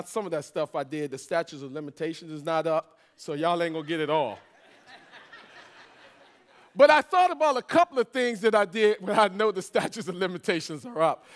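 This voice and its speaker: Man, middle-aged pastor, sermon testimony, high voice, lively joking storyteller. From Washington, D.C. area. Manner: animated storytelling, jokes with congregation.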